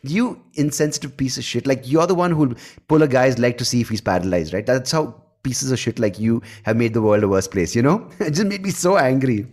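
A man hosting a podcast in casual chat, blunt and quick to swear when riled. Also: mid-range voice, sing-song, a little mellow. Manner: blunt, swears freely, gets heated. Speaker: podcast host.

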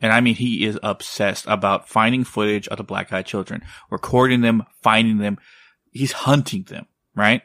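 A man co-hosting a podcast tells a story in a loose, rambling way. He swears freely and keeps tagging his sentences with "right?" His voice is bright and recorded dry and close. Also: lowish voice, steady tone, normal speed, no echo. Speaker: podcast co-host. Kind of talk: casual storytelling.

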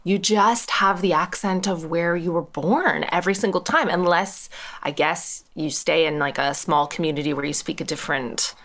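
A Canadian woman in her forties chats easily on the radio, poking fun at herself. Her voice sits a touch low. She tells her stories in a loose, unhurried way. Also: a bit bright. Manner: chatty, self-mocking. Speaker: guest comedian. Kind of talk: casual radio chat.

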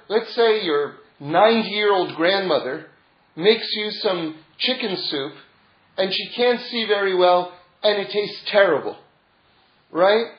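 A man giving an informal religious lecture as a Torah teacher, telling stories in a rambling way and chuckling often. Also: high-pitched. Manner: digressive storytelling with frequent chuckles. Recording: roomy, dull lo-fi sound.

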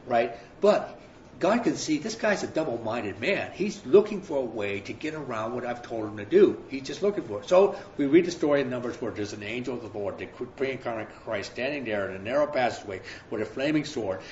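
A man's voice: medium pitch, animated, brisk, darkish tone, slight background noise. A man preaching a sermon, retelling a scripture story in a loose, conversational way with slang asides. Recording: roomy, dull sound.

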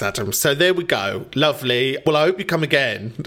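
A man's voice: medium pitch, expressive, normal speed, bright, forceful tone. A man hosting a comedy call-in podcast, camp and theatrical, laughing often. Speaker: podcast host. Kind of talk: camp comic chat.

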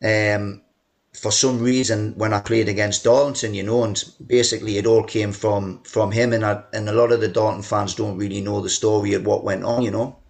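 A man yarns away as a podcast guest about his football days. He talks in a loose, chatty way, full of "you know" and "like", and now and then puts on a boss shouting down the phone. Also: lowish voice, level tone, a little fast, vocal fry. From England. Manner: mimics a shouting chairman in quoted lines. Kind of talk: casual storytelling interview.

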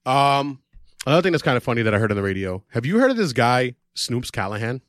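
A man's voice: mid-range voice, very animated, quick pace, no room sound, studio quality. A man hosting a podcast in casual chat, rambling with fillers and restarts. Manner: rambling, lots of fillers and restarts, playful impressions. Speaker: podcast host.

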